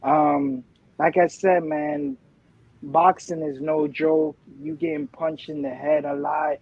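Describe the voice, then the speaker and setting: Slow, gravelly man on a dull line. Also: fairly high pitch, sing-song, no room sound. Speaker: co-host. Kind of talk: casual live-stream commentary.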